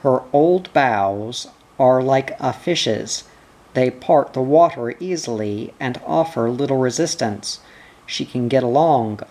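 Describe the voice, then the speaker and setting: A man reading the part of an older sailing instructor explaining ships, unhurried. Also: medium pitch, a little mellow.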